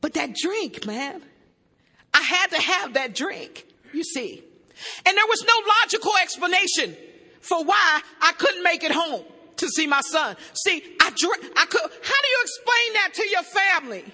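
Telling her recovery story at a meeting, a woman speaks into a stage microphone with an extremely high, pushed, bright voice, very animated at a moderate pace. She's emotional and blunt as a recovering alcoholic, joking with the crowd. Long reverb fills the echoey hall.

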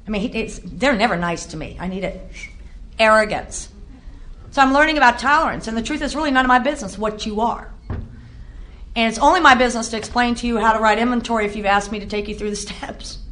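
A woman's voice: a little high, brisk, a bit bright. A middle-aged woman giving a candid, self-mocking personal testimony at a recovery meeting, often laughing at herself.

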